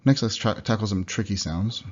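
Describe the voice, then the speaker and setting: A young man talks through a pronunciation lesson in a low, deep voice. He explains each sound, then says the example word slowly several times. The sound is dull and lo-fi, like a computer mic recording. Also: darkish tone, husky. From United States. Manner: explanatory, demonstrates words slowly and repeats them. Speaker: language teacher. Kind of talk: recorded slide lecture.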